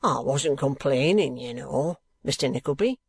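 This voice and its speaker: A man's voice: fairly high pitch, lively intonation, measured pace, gravelly, dry recording. A man voicing a coarse, evasive middle-aged schoolmaster who talks in ungrammatical rustic speech and pleads his way around hard questions.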